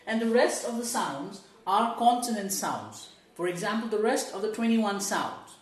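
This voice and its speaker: A woman's voice: mid-range voice, animated, a little slow, few pauses, reverberant. A woman training learners in English pronunciation, explaining step by step, asking rhetorical questions and modeling sounds aloud for them to repeat. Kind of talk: online teaching lesson.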